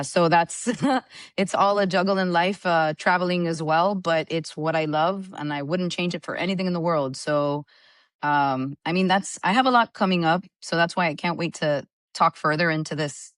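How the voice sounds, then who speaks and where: A woman's voice: sits low, normal speed, dry recording, clean studio sound. A woman in her forties, a podcast guest who owns a shop, telling stories in casual chat and laughing often. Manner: laughing, animated storyteller. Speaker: podcast guest, small business owner.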